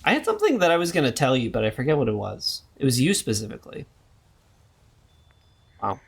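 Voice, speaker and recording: A man's voice: mid-range voice, huge pitch swings, fairly quick, creaky, slightly rough. A young man streaming a horror game live, joking and rambling as he reads the game's text aloud. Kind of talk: live gameplay commentary.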